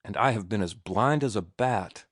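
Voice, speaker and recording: A man's voice: lowish voice, normal speed, no room sound, clean studio sound, natural voice. A man voicing an ardent young sailor in love. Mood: ardent, tender. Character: ardent young sailor-turned-writer, passionate.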